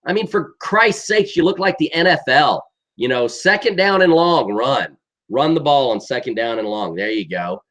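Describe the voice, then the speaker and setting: A man's voice: medium pitch, lively intonation, normal speed, a bit bright. Exasperated man ranting about football. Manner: exasperated, emphatic, keeps asking "okay?". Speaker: sports commentator. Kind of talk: football rant.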